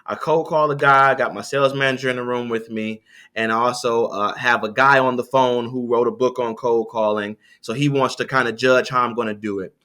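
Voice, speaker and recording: A man talking as an interview guest, telling sales stories in a lively, conversational way. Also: medium pitch, a little fast. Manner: storytelling, animated, with quoted voices.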